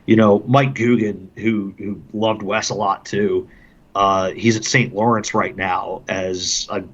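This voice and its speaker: A man's voice: lowish voice, steady tone, slow, muffled recording. A man, a hockey broadcaster on a podcast, telling casual stories and laughing often as he talks. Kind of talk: casual storytelling.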